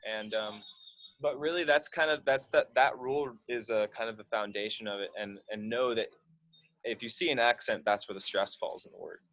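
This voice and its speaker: Relaxed man teaching Spanish grammar. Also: on the low side, moderate pace, no room sound, poor audio. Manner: relaxed, explains rules step by step. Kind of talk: casual online class instruction.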